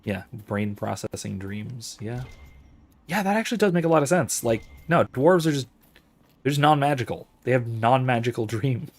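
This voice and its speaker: A man's voice: mid-range voice, lively intonation, normal speed. A man hosting a let's-play, reading out chat and thinking aloud about the game's lore, often restarting his sentences. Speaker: host of a let's-play and discussion series. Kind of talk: livestream commentary while gaming, reading out chat.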